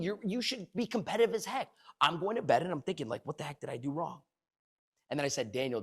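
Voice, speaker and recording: A man giving a motivational sales training talk, punchy and repetitive, swearing casually, acting out little conversations and swinging between loud bursts and quiet low asides.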